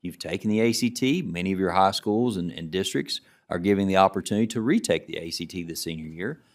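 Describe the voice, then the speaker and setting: A middle-aged man who is a state education commissioner, giving relaxed presentation remarks to a student council and often restarting his sentences. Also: sits low, fast. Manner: relaxed storytelling, frequent restarts.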